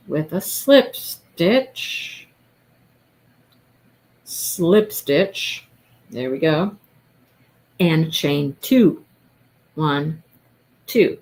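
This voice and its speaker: Slow-talking woman gushing over crochet. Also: on the low side, a little mellow, rough recording. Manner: gushing, thinks aloud while following a video. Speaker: crochet livestream host. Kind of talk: casual crochet-along livestream chat.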